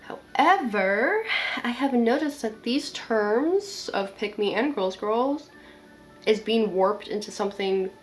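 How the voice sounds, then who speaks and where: A woman's voice: fairly high pitch, expressive, takes it slowly, faint music behind. A young woman making a casual commentary vlog. She talks in a blunt, chatty way, swears now and then and uses a lot of "like". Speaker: video essayist.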